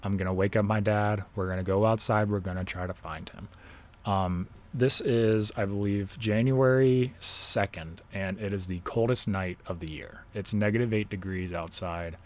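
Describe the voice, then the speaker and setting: Low-voiced young man telling a hard story. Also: fairly even intonation. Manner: casual, halting, swears freely. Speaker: podcast host. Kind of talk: personal storytelling.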